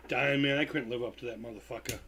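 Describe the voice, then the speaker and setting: A man's voice: mid-range voice, fairly bright tone, slight background noise. A tired man hosting a live stream, telling stories in a loose, profane, casual way. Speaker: livestream host.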